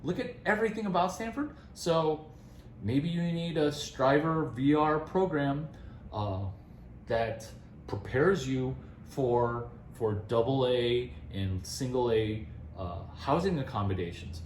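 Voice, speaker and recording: A man giving career advice in a rambling, animated casual talk, often laughing and restarting his sentences. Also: medium pitch, takes it slowly, roomy sound, a little hiss or hum, rough recording.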